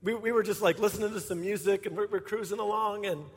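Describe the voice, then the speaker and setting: High-voiced man telling a funny story. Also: fast talker, breathy edge. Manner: animated, laughing storyteller. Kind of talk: humorous personal storytelling to a congregation. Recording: echoey hall.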